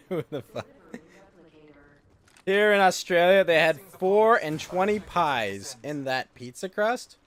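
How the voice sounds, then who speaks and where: A man's voice: high-pitched, expressive, takes it slowly, fairly bright tone. A man, ranting and swearing during a casual livestream chat while gaming. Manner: ranting, exasperated, swears freely. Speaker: streamer.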